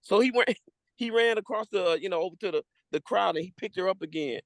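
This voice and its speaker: Creaky high-voiced man improvising a story. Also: dry recording. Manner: halting, restarts phrases.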